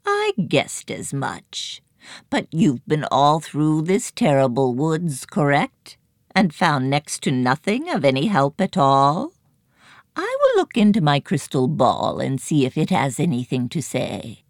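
A woman voicing a crooked old female fortune-teller, croaking and shrill, in a storybook reading. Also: huge pitch swings, a little slow, no room sound, studio quality, exaggerated voice. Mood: croaky knowing.

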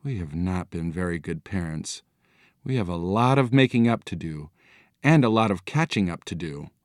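A man voicing a tired, regretful mother in a storybook reading, speaking softly with a sigh in his voice. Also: mid-range voice, expressive, fairly quick, dry recording, clean studio sound, lightly acted. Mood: rueful. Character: weary middle-aged mother, regretful.

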